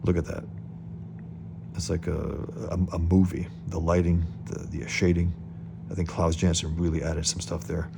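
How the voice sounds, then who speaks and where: Deep gravelly-voiced man reviewing comics. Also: monotone, normal speed, noisy background. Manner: hesitant, with many fillers and restarts. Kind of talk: casual comic commentary.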